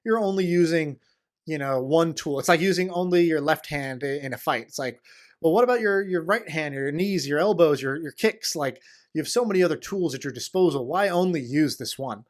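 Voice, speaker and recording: A man in a casual podcast interview, talking fast and eagerly with many fillers and restarts. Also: a little high, expressive. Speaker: podcast guest, entrepreneur.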